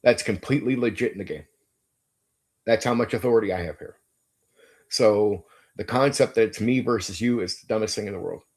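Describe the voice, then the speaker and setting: His voice is fairly low and a little mellow, and he speaks briskly with long pauses. As a game master with his own channel, he gives an emphatic, blunt rundown of how he runs tabletop games, swearing a lot and using casual "like, dude" fillers.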